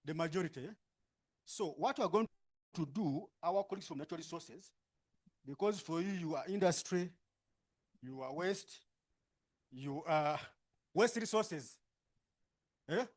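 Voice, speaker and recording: High-voiced Ugandan man directing a workshop. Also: expressive. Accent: Ugandan English. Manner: brisk, instructing, frequent tag questions. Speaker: workshop facilitator. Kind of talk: directing participants into groups.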